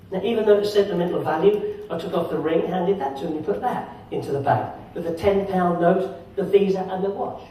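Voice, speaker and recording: A man's voice: high voice, quick pace, few pauses, warm tone. A man, a magician and comedian, telling a jokey story on stage and chatting with the audience. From England. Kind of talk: stand-up comic storytelling on stage. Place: holiday village entertainment venue. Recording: very echoey hall, distant, crowd noise.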